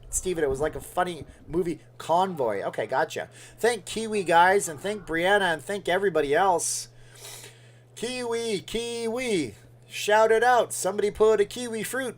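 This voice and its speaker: Guy doing a casual livestream, chatty and joking around, kinda high-pitched, talking to chat. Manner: rambling, jokey, responds to chat. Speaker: livestream host. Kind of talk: casual livestream chat reading viewer comments. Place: Las Vegas.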